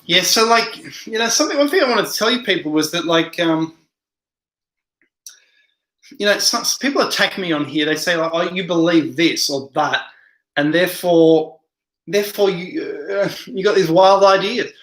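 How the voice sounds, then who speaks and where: Hosting a late-night live stream, a tired-sounding man reads viewer comments aloud, answers them, and rambles into long asides at a normal speed. His slightly high voice has a sharp, forceful edge, and the room gives off a noticeable echo.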